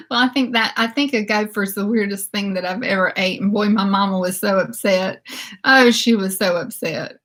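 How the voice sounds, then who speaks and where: A Southern woman in her fifties hosts a beauty channel livestream, chatting casually, giggling a lot, reacting to viewer comments and often exclaiming "oh my goodness." Her voice is medium-pitched and a bit bright, with a measured pace and frequent pauses.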